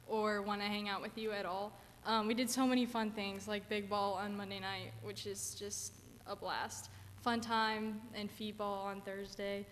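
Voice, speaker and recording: Young woman, a little nervous, self-deprecating testimony, church hall echo. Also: medium pitch. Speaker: camp counselor giving testimony. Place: church sanctuary. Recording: church hall reverb with faint room noise.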